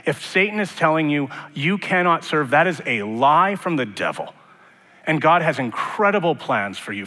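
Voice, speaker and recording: A male pastor delivers a sermon, mixing scripture with casual jokes. His voice is bright and forceful. A long reverb from the sanctuary trails each phrase. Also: mid-range voice, animated, moderate pace. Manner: conversational, joking asides. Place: church sanctuary.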